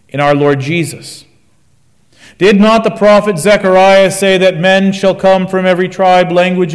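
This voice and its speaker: A man preaching a sermon, building his points through rhetorical questions in a declaiming manner. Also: high voice. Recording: long church reverb.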